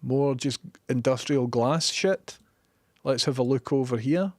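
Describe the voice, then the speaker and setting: A man's voice: medium pitch, unhurried, darkish tone, no room sound, studio quality. A Glaswegian man chatting casually on a live stream, sweary and opinionated as he reads chat messages. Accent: Scottish, Glaswegian. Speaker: livestreamer.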